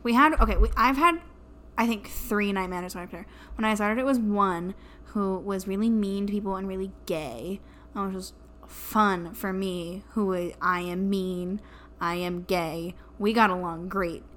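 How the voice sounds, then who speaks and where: A woman's voice: medium pitch, fairly even intonation, moderate pace, a bit bright. A young woman co-hosting a podcast in a casual chat, wry and profane as she jokes about old jobs. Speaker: podcast co-host. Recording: faint background noise.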